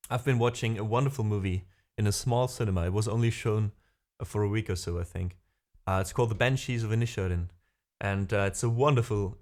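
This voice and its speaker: Man chatting casually on stream. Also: fairly low pitch. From Germany. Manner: rambling, hesitant, many fillers. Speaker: livestream host. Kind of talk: casual chat with viewers. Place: home room.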